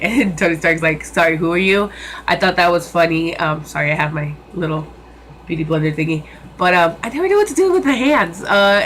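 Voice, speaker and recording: A woman's voice: medium pitch, fairly bright tone, a little hiss or hum. A young woman reviewing a movie in a casual vlog, chatty and enthusiastic, with many fillers and repeated words.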